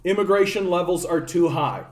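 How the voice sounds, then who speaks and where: A man's voice: sits high, moderate pace. A man giving casual, rambling political commentary on a livestream, swearing freely and filling his talk with "like" and restarts. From Canada. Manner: rambling, profane, many "like" fillers and restarts. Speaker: political streamer.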